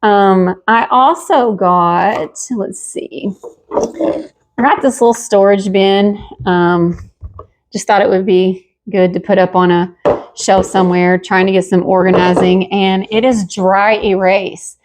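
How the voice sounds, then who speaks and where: Speaking slowly with fairly even intonation, a woman with a mid-range voice hosts a casual pottery haul vlog, with a bit of hiss or hum in the audio. She's chatty and homey, uses many fillers, and sounds somewhat out of breath.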